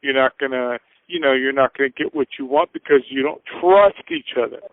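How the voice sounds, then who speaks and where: A man's voice: medium pitch, a little fast, no echo. A man talking as a guest on a radio show, earnest and casual, giving step-by-step business advice. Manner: earnest, acts out little scenes in voices. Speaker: finance guest. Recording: tinny phone-like dry sound.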